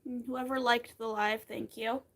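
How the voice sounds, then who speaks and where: A woman's voice: on the high side, level tone, a little slow, a bit bright. A woman in her thirties chatting in an upbeat way with viewers as she crochets on a live stream. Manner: chatty, upbeat, talks to viewers between stitches. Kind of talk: casual live-stream chat while crocheting.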